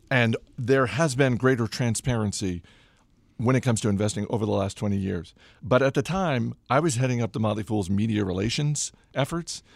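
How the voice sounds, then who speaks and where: Gravelly, low-voiced male podcast host. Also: dry recording, clean studio sound. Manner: relaxed storyteller who acts out quoted voices. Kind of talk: conversational interview.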